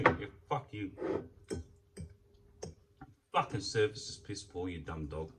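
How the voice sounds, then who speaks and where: A young man telling an animated, foul-mouthed story as a casual vlog while he eats. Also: lowish voice, normal speed, pauses often, distant mic, background noise. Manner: heavy swearing, animated storytelling. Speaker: food vlogger. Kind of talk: casual ranting while eating. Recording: voice off from the mic.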